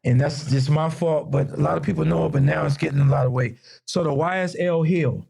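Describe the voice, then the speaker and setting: Gravelly, husky man telling animated stories. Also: fairly high pitch, a little fast. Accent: Mid-Atlantic US (DMV). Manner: animated storyteller, acts out quoted voices. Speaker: guest fashion designer. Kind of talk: casual podcast storytelling.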